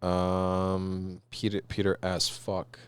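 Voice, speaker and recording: Low-voiced laid-back podcast guy. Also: completely flat delivery, slow, a little hiss or hum. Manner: laid-back, profane banter. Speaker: podcast co-host. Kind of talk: casual chat.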